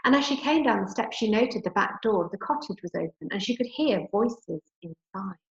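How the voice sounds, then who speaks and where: English woman, primary teacher, expressive storyteller, echoey lo-fi home recording. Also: medium pitch, normal speed. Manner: expressive storytelling, gentle and encouraging. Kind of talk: reading a story aloud then teaching. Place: home room. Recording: roomy, dull home recording.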